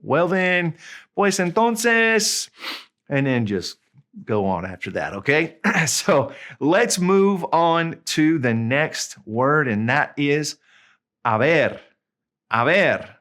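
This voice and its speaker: A male tutor talks through a language lesson with lively, animated intonation. He explains in a relaxed, chatty way. He slows right down to draw out each example word. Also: a little high. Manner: relaxed, explanatory, drawing out Spanish words slowly. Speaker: Spanish tutor.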